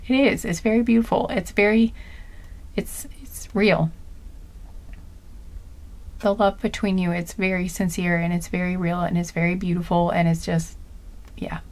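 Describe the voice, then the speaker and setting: A woman giving a casual spoken intuitive reading, gentle and earnest, often searching aloud for the right words. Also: fairly low pitch, steady tone, moderate pace, pauses often. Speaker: intuitive card reader.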